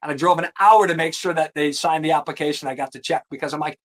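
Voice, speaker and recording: A man in his thirties telling his career story in a casual interview, slangy and animated, swearing now and then and saying "dude" and "like" a lot. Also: a little high, fast. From US East Coast. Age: 30s. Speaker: insurance producer, guest.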